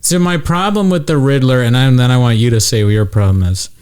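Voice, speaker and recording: Male podcast host, casual and teasing, average pitch. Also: fast talker, a little mellow, clean tone. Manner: teasing, needling.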